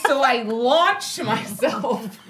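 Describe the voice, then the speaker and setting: A woman telling a story as a podcast guest in casual chat, animated and laughing often. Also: a little high, extremely slow, heavy background noise.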